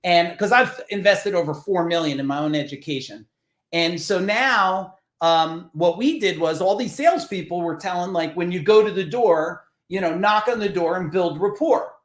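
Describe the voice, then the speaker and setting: Animated, profane New man. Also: high voice, moderate pace, roomy sound. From New Jersey. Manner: animated, profane, acts out quoted voices. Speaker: podcast guest, business coach. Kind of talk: casual interview storytelling.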